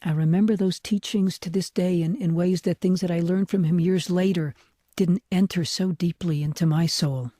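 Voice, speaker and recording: An older man, a rabbi, telling a personal spiritual story in a soft, reflective way, often dropping to a hushed whisper. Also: high voice, fairly even intonation, normal speed, dry recording, studio quality. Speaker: rabbi teaching.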